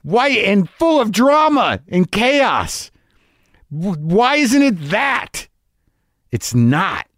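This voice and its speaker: A man talks through a confessional comedic monologue, rambling and poking fun at himself. His pitch sits a little high and swoops all over the place. The sound is dry and close with no room echo. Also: very animated, drawn-out words, a bit bright. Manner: rambling, self-deprecating, with many restarts.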